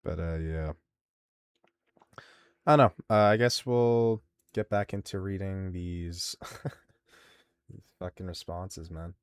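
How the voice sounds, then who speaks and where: A low-pitched man streaming live, reading viewer answers aloud and tearing into them with crude, mocking exasperation. His voice sits close and dry on the mic, with no room sound around it. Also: steady tone, slow, pauses often, smooth, no room sound. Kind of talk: casual live-stream commentary.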